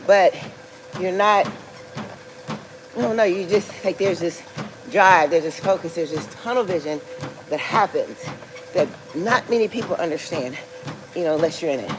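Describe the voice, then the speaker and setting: A woman's voice: on the low side, normal speed, pauses often. Rambling woman in her forties, noisy car. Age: 40s. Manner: rambling, filler-heavy, laughs through talk. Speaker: vlogger. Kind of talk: casual storytelling livestream.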